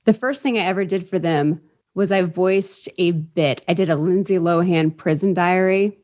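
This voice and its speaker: A woman's voice: lowish voice, normal speed, darkish tone. A woman guest in a casual interview, telling quirky, bubbly stories. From Indianapolis, US. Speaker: podcast guest.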